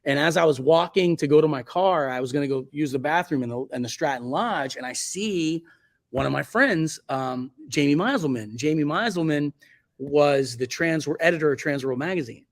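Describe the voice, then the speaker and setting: A man in his forties, a photographer being interviewed, telling stories in a loose, rambling way full of fillers and self-corrections. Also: moderate pace. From Virginia Beach, United States. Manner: acts out quoted speech in a much higher voice. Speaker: guest photographer. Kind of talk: casual interview storytelling.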